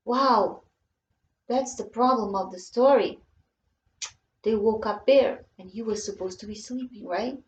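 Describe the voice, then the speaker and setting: A woman reading a picture book aloud to children in a bilingual lesson, gasping and asking questions as she goes, in an expressive way. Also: a little high, a little slow, pauses often. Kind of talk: bilingual storybook read-aloud. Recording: roomy, dull lo-fi sound.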